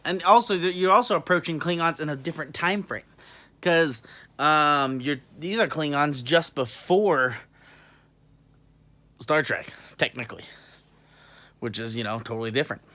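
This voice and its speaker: A man's voice: fairly high pitch, normal speed, long pauses, pushed and bright. An English-born man with a New York-tinged American accent, chatting casually as a vlogger, rambling with lots of fillers and cheerful swearing. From England. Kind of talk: casual chat.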